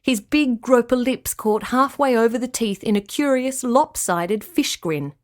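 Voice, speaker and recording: A woman reading a children's animal story aloud, gentle and expressive. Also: fairly high pitch, measured pace.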